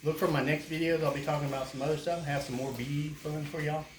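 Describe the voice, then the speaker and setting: A man's voice: on the high side, steady tone, fast talker. A man, chatting in a folksy, opinionated way while he works on a bee removal inside a house. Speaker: bee removal worker and vlogger. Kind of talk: casual rambling talk to camera. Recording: echoey room, faint background noise.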